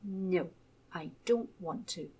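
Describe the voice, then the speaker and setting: A woman's voice: on the low side, slow, warm tone, breathy edge, full character voice. A woman voicing a shy, stubborn little boy in a children's storybook, sulky and refusing.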